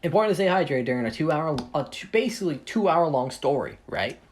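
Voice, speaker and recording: A man's voice: on the high side, sing-song, fast talker. A man casually reading his own fan story aloud, rambling, interrupting himself and cracking jokes, his voice a bit tired. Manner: rambling, self-interrupting, jokey. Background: video game playing.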